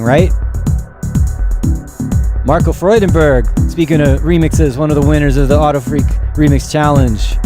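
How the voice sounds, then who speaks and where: A man hosting a casual livestream from a music studio, greeting viewers and chatting loosely. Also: mid-range voice. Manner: chatty, reads out chat names. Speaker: livestream host. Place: music studio in New York. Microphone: headphones on, studio mic. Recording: music playing behind the voice. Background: electronic music.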